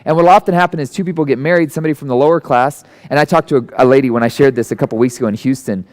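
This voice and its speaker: A man giving a conversational sermon who tells stories and acts out the people in them with sudden jumps into a high voice. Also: very fast, darkish tone. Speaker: guest speaker. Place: church hall.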